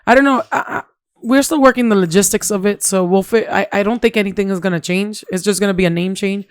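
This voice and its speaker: A woman co-hosting a podcast, chatting loosely and often restarting her sentences. Her voice is smooth and clear. The recording is dry and close. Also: mid-range voice, fast, no echo. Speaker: podcast co-host. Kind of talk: casual chat.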